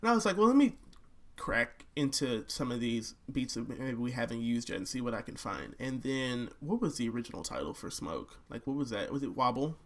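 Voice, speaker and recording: Talking a little fast with hardly any pauses, a young man with a mid-range voice casually discusses making his album. An animated storyteller, he breaks into humming melodies mid-sentence.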